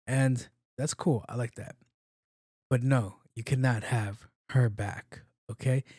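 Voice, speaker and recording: A man's voice: mid-range voice, steady tone, takes it slowly, mellow, husky, no echo, clean studio sound. A man in his late thirties hosting a solo podcast, talking loosely and with lots of swearing, and he often repeats himself. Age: 30s. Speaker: podcast host. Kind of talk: casual solo podcast commentary.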